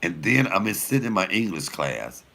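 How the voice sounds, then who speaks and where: Gravelly low-voiced man in his 50s, comedian spinning a wild story, swears a lot, bright edge to it. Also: normal speed. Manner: animated storyteller, acts out quotes, swears freely. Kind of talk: storytelling during a cooking chat.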